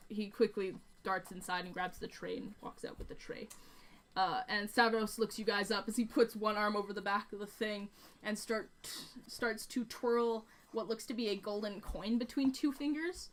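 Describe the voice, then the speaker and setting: A woman's voice: mid-range voice, fairly even intonation, moderate pace. A woman narrating a tabletop game as game master, casual and rambling with many fillers.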